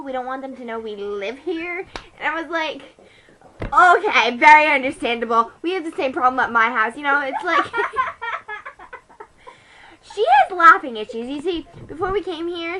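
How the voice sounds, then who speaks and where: A teenage comedy vlogger does a full character voice in an improvised monologue, playing a snarky, ditzy teen girl gossiping about a date. Her voice is high, bright and forceful, and she rambles bratty and profane with giggly asides. The audio is poor, with a slight hiss or hum.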